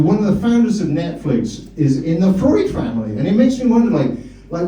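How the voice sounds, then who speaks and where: A male stand-up comedian in a comedy club, rambling and teasing the audience. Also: medium pitch. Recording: echoey club from a distance.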